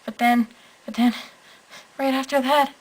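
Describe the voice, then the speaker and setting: A woman's voice: sits high, steady tone, a little slow, poor audio. A young woman talking into her camera at home at night, gushing and emotional, rambling with lots of "like"s. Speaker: vlogger. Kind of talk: late-night vlog rant.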